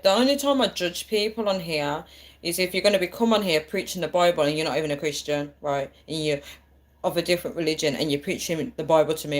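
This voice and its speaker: A woman hosting a live stream, chatting with viewers in a chatty and encouraging way. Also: sits low. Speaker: livestream host.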